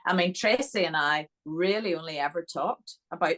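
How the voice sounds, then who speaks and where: Northern Irish woman, low voice, animated podcast guest full of anecdotes. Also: moderate pace, hardly any pauses, low-quality recording. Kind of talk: podcast interview storytelling.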